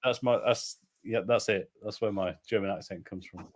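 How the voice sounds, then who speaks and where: A British man chats casually on a beer live stream. His talk rambles and his lines often trail off quietly in a self-deprecating way. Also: on the low side, steady tone, normal speed. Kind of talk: casual chat.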